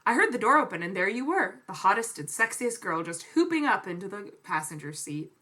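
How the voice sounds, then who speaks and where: A woman's voice: medium pitch, very animated, brisk, bright, forceful tone. A young woman co-hosting a podcast who talks casually and teases her co-host playfully. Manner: teasing, playful reader. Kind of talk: casual chat.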